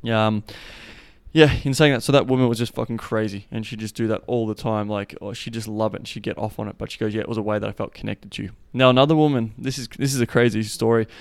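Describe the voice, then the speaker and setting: A man's voice: on the low side, steady tone, fast, clean tone, no echo. A man hosting a podcast, telling crude stories in a profane, rambling way while slightly out of breath from walking. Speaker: podcast host. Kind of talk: casual monologue.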